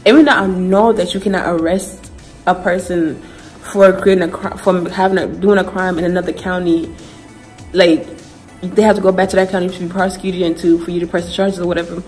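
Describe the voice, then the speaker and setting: A woman's voice: on the low side, fairly quick, rough recording. Vlogger, female, young adult, from Ghana; chatty storytime delivery, faint music underneath. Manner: chatty, animated retelling full of "like" and slang. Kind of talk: casual storytime vlog.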